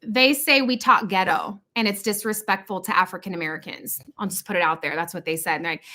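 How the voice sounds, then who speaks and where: A middle-aged woman hosting a casual livestream chat from home, animated and jokey, quick to slip into funny voices. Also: mid-range voice. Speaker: livestream host.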